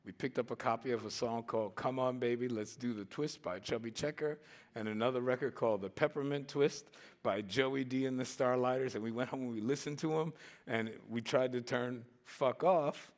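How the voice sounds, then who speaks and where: A man in his sixties telling stories on a conference stage in a lively way, acting out the voices and laughing often. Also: medium pitch, normal speed. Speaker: conference speaker. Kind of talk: storytelling talk.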